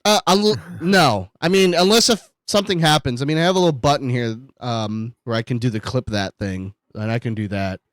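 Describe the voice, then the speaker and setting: A man's voice: mid-range voice, fairly quick, few pauses, no echo. A man co-hosting a casual podcast, rambling and joking, poking fun at himself and swearing freely. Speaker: podcast co-host.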